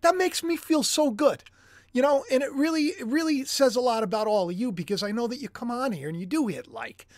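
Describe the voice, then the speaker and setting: Excitable man hosting a livestream. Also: extremely high pitch, fairly quick, no echo, studio quality. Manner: excitable, animated; chatty, jokey asides. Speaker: host. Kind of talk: livestream commentary.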